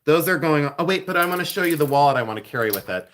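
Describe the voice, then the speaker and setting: Racing along in an expressive, slightly bright, high-ish voice, a silversmith hosts a livestream from his jewelry studio. He chats casually with viewers, effusive and laughing, and keeps thanking them.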